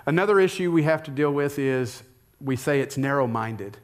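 A man's voice: medium pitch, animated, normal speed. A middle-aged male pastor preaching a sermon in a conversational way, often asking rhetorical questions.

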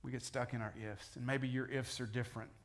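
A male pastor preaches a conversational sermon in a brisk, mid-range voice with little pitch movement. He asks the congregation questions and voices the scripture he quotes, and those quotes rise to loud, dramatic delivery.

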